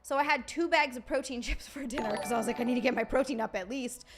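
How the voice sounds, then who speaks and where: A woman's voice: a little high, quick pace, a crowd in the background. A young woman chatting casually on a live stream, swearing freely and greeting viewers by name.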